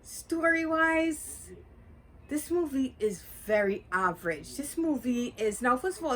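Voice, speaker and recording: A woman's voice: fairly high pitch, fairly bright tone. A woman giving a casual, chatty movie review, talking candidly with frequent fillers and restarts.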